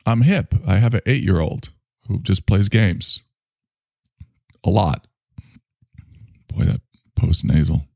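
Gravelly, sardonic male podcast host. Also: low voice, lively intonation, slow pace, long pauses, dark tone, no echo, clean studio sound. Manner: sardonic, self-mocking, sighing. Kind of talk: rambling solo podcast monologue.

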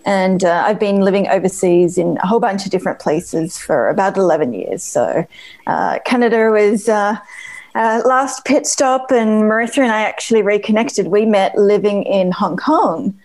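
A woman from Australia with an Australian accent, a company co-founder guesting on a podcast, relaxed and a bit hesitant. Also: medium pitch, normal speed. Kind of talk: casual podcast interview.

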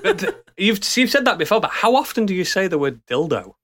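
Bright podcast co-host. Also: mid-range voice, very animated, brisk. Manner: laughing, teasing, mimics accents. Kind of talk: casual podcast chat.

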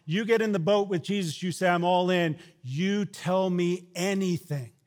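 A man preaching a sermon who shouts out quoted lines and then drops to a low, quiet delivery. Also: moderate pace. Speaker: pastor.

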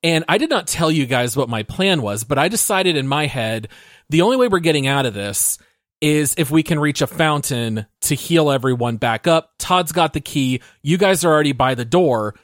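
A man's voice: a little high, lively intonation, moderate pace, a bit bright, no echo. A man with a somewhat raised voice tells a detailed story from a game session. He co-hosts a casual gaming podcast, and his voice is recorded dry and close to the mic. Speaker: podcast co-host.

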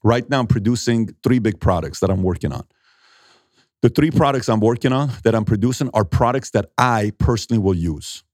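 A middle-aged man, an entrepreneur, telling animated stories in a conversational interview and acting out what people said. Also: lowish voice, fairly quick, dry recording, clean studio sound. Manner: animated storyteller acting out quotes, emphatic.

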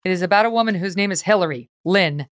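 A middle-aged woman hosting a talk podcast, chatting in an animated, opinionated way with quick asides. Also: lowish voice, no room sound, studio quality. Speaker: podcast host.

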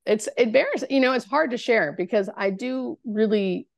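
Woman, low gravelly voice, hospice nurse guest, halting storytelling, dry close sound. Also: no echo. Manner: halting, searching for words, many fillers. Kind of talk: conversational interview storytelling.

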